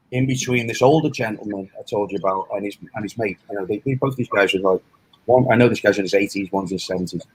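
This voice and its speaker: Husky man telling a rambling story. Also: on the low side, rough recording. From England. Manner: rambling storytelling with many restarts and fillers. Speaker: self-defense instructor. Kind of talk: casual interview talk.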